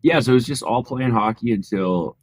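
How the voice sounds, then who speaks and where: A young Canadian man from rural Alberta, a guest telling his story in a relaxed, modest way with frequent fillers. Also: medium pitch, brisk. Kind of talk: casual interview storytelling.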